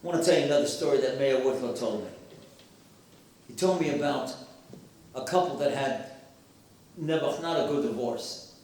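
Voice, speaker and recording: A man's voice: medium pitch, normal speed, long pauses, darkish tone. A man giving an emphatic sermon-style talk with stories and rhetorical questions to an audience in a hall. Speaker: speaker at a memorial gathering. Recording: very echoey hall, voice far from mic.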